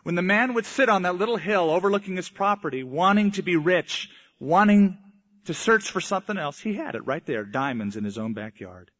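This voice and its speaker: Preacher guy telling a story in his sermon, kinda high voice, dull lo-fi sound. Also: expressive, brisk, fairly bright tone. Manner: storytelling preacher, voices quoted people in mock old English. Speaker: pastor.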